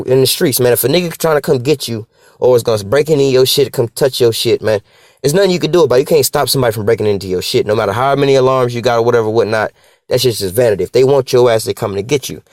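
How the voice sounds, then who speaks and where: Fast-talking man teaching scripture. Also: mid-range voice, a little mellow, no echo, clean studio sound. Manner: slangy and conversational, reads scripture slowly. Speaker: Bible teacher. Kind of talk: casual street-slang Bible teaching.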